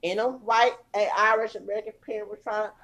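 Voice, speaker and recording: A woman hosting a casual ranting podcast, animated, laughing often and breaking into song snippets. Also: mid-range voice, fairly quick. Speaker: podcast host.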